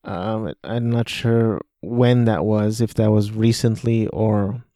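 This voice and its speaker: A man's voice: on the low side, steady tone, slow pace, mellow, no echo, clean studio sound. A man hosting a casual solo podcast, talking through a movie he watched, rambling and hesitant with many restarts. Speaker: podcast host.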